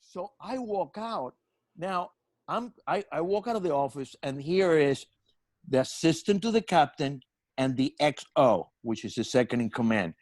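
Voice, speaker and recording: An older male comedian telling a long, animated comic story, full of profanity and stumbling restarts. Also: fairly high pitch, normal speed, dry recording.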